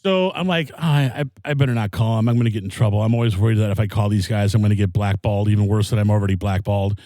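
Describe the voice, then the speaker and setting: A comedian telling a rambling, self-deprecating story on a podcast, with many fillers and restarts. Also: male voice, fairly low pitch, rapid-fire, mellow, no echo. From Wisconsin. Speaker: comedian guest. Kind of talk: casual storytelling.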